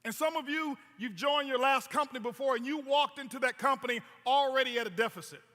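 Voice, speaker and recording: A man's voice: extremely high pitch, fast, pushed and bright. A man giving a stage presentation as a motivational speaker, telling stories with emphatic repetition. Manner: storytelling, emphatic, repeats words. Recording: long hall reverb.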